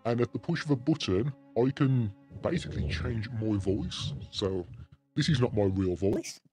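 A man's voice: medium pitch, expressive, normal speed, darkish tone, soft background music, pitched below the performer's own voice. A man speaking through a voice changer set to its male preset, matter-of-factly demonstrating it on a live stream. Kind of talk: live-stream gadget demo.

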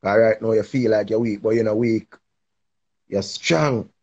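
A man's voice: lowish voice, fairly even intonation, a little slow, a little mellow, husky, dull audio. A man, hosting a casual advice chat and encouraging a listener in a preachy tone. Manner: preachy, encouraging, patois-heavy. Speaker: live stream host giving advice.

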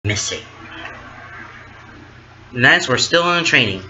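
A man hosting his own channel, reading his fan fiction story aloud in a casual, slow narration. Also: medium pitch, animated, sharp tone, muffled recording.

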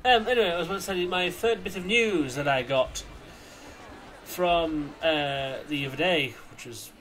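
A young man casually commenting on his own gameplay, rambling and chatty, with sudden silly shouts. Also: on the high side, a little slow, a little hiss or hum. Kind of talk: casual let's-play commentary.

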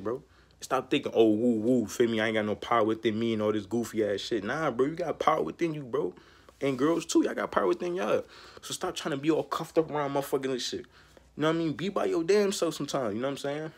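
Young dude ranting to the camera super fast, husky voice, lots of slang n cussing. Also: male voice, medium pitch. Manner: profane, repetitive, animated street slang; laughs often mid-rant. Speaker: vlogger. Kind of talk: casual rant to camera.

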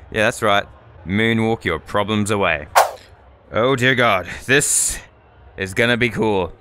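A man doing loud, excitable, profane gameplay commentary, taunting enemies as he plays. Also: fairly low pitch, slow pace, long pauses, noisy background. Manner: loud, excitable, swearing, trash-talking. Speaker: gaming YouTuber.

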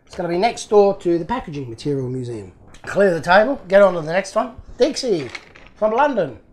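A man's voice: high voice, sing-song, a little fast, a little mellow, slight background noise. An Australian man chatting casually while unboxing toy models as host of his channel, rambling and joking at his own expense. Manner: chatty, rambling, self-mocking jokes. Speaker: model car restorer and YouTuber.

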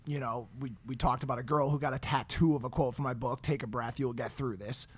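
A man co-hosting a podcast in casual chat, thoughtful and measured, softening his points with restarts. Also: medium pitch, steady tone. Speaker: podcast co-host.

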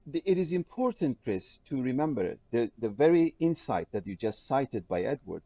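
Husky-voiced professor from Iran, passionate. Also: male voice, no echo. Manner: passionate, emphatic, with restarts and lively pitch swings. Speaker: professor, interview guest. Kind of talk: animated scholarly discussion.

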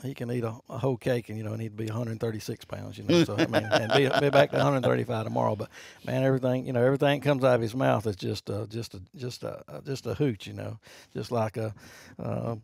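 Fast, gravelly Alabama man rambling. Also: mid-range voice, steady tone, darkish tone. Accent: Southern US (Alabama). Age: middle-aged. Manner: halting, loaded with fillers and restarts. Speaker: podcast guest. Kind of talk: casual storytelling.

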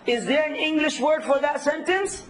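A man teaching a workshop, lively, quizzing his audience and acting out hecklers. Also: extremely high pitch, normal speed, a little hiss or hum, rough recording. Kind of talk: workshop lecture.

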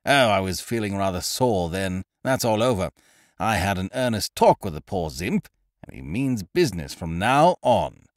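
A man voices a loud, swaggering young boxing manager from a storybook, an exuberant, blustering character whose hearty, boastful talk is full of grand schemes. He is very animated, speaks at normal speed, and his pitch swings widely. The recording is close and dry, with no echo.

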